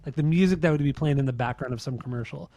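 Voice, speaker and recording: A man's voice: medium pitch, quick pace, dark tone, dry recording. Blunt, swearing man co-hosting a podcast. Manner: blunt, profane, repeats himself when making a point. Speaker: podcast co-host. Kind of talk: casual podcast chat, ranking albums.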